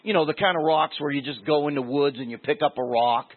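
A man's voice: fairly high pitch, quick pace. A man preaching a sermon in a conversational way, repeating key phrases for emphasis. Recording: tinny phone-like sound.

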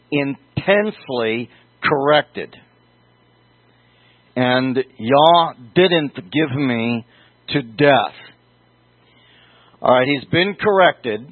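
A man delivers a verse-by-verse sermon at an unhurried pace, stopping to unpack the meanings of words. The sound is dry and close, squeezed into a narrow phone-like band with a mid-level voice. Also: medium pitch, no echo. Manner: slow, deliberate, explaining word meanings. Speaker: Bible teacher.

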